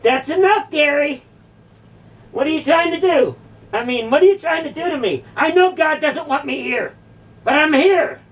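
A woman's voice: high-pitched, expressive, normal speed, recorded from a distance. A woman delivering a confrontational, mocking monologue, sarcastically repeating phrases back. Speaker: video creator confronting a church.

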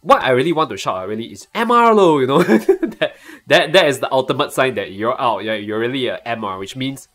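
A young man with a Singaporean English accent, chatting casually and excitably on a live stream and laughing often. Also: medium pitch, fairly quick, hardly any pauses.

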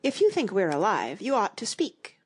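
Tweedledee is a contrary, pedantic little fat man who lingers over his words as if laying out logic, put on by a woman reading the story. The voice is husky and moves about in a lively way. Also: medium pitch, moderate pace.

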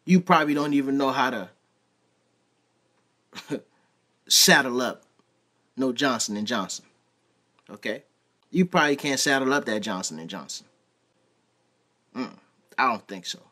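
A man's voice: medium pitch, animated, a little slow, pauses often, sharp tone. A man with a New York accent giving blunt, roasting reaction commentary. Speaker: commentary host.

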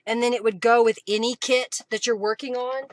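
A woman hosting a live craft stream, chatting casually, thanking viewers by name and often clearing her throat. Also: a little high, steady tone, brisk.

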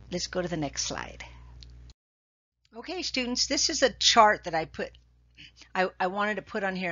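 A woman's voice: lowish voice, a bit bright, highs cut off. A woman teacher talking through grammar slides in a recorded lesson, patient and repetitive, checking in with "okay?". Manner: slow, patient, repeats key points with "okay?".

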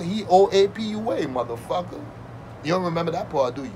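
A man's voice: high voice, animated, brisk, background noise. A man doing a profane comedic rant, mocking and sarcastic, swearing constantly and breaking into fake wailing.

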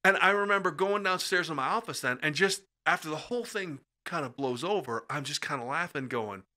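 A middle-aged American man telling personal stories as a podcast guest, animated and acting out quoted voices. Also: fairly high pitch, a little fast. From USA. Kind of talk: casual storytelling in conversation.

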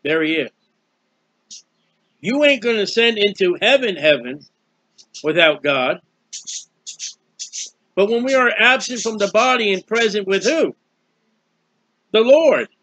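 A man's voice: high voice, lively intonation, unhurried, long pauses, fairly bright tone, no echo. A man preaching a Bible teaching sermon in a folksy, emphatic way, asking questions and answering them himself.

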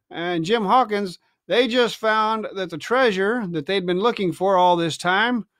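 A man reading a novel aloud at home on a livestream, expressive, with chatty asides. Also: high voice, dry recording, studio quality. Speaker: reader. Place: family home, indoors.

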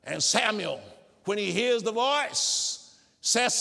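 A man preaching a sermon in a church, emphatic and climbing to shouted peaks. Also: high-pitched, animated, takes it slowly, vocal fry, in a large hall. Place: church sanctuary.

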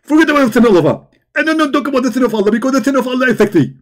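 A man putting on a shrill, excitable preacher. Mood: mocking. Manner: rapid, shrill, childish boasting. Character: excitable, boastful male preacher, middle-aged.

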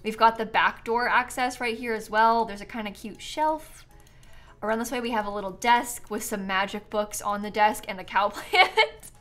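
A woman's voice: a little high, normal speed, fairly bright tone. Giggly chatty woman streamer. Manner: bubbly, giggly, chatty with viewers. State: yawning, tired. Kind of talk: casual live-stream game commentary.

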